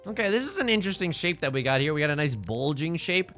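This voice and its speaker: A man chatting through a live game stream, his goofy, rambling jokes riding on a bright, sharp voice. His pitch sits a bit high and jumps around a lot. Soft game music plays faintly underneath. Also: sing-song, fast talker. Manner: goofy, rambling, joking with chat between plays. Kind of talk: live-stream gameplay commentary.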